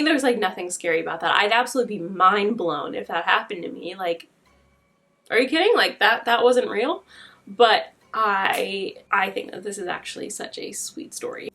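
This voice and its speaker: A woman's voice: medium pitch, expressive, normal speed, sharp tone. A young woman hosting, giving chatty, playful commentary on scary clips. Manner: chatty, playful, many fillers. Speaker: host reacting to viral videos. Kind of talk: casual commentary.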